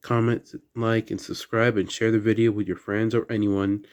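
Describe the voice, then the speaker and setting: A man with a slight Southern accent, chatting quietly through a toy unboxing at home late at night, keeping his voice down. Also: on the low side, level tone, moderate pace, smooth. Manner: soft, hushed indoor voice. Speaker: toy collector vlogger. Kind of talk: casual unboxing chat.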